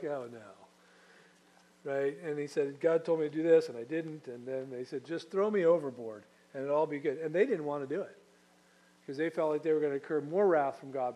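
Male pastor, somewhat high voice, chatty storytelling sermon. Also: darkish tone, rough recording. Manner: conversational storytelling, frequent restarts and asides.

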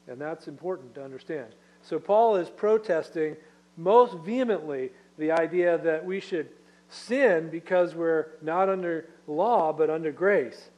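A man's voice: fairly high pitch, a little mellow, rough recording. A man preaching a Bible-study sermon in a conversational way, with fillers and rhetorical questions. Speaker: pastor.

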